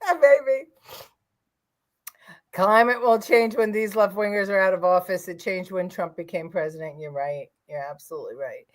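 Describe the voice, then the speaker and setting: A middle-aged woman co-hosts a relaxed political livestream, voicing strong opinions in a rambling style packed with filler words. Her voice is mid-range and her pace moderate.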